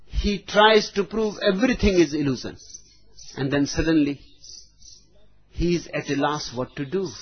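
A man giving a spiritual discourse, speaking deliberately, phrase by phrase, with long pauses. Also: high voice, slightly rough. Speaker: spiritual teacher. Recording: dull lo-fi recording.

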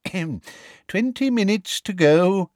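A man's voice: high-pitched, expressive, unhurried, darkish tone, dry recording, studio quality, voice pushed up. A man voicing a fussy, flustered elderly male exam proctor in an audiobook reading, prim and easily scandalized.

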